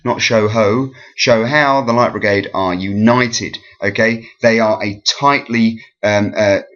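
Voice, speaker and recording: Man teaching, deep voice, lo-fi. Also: fairly even intonation, unhurried, fairly bright tone. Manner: explanatory, frequent ums and self-corrections. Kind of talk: recorded revision lesson. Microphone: voice-over over slides. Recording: dull lo-fi recording.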